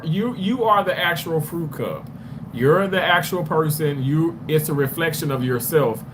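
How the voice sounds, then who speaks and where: This male livestreamer, whose voice sits on the high side, rambles breathlessly while walking outdoors near a road. He talks back to commenters one at a time as street noise and passing cars fill the background.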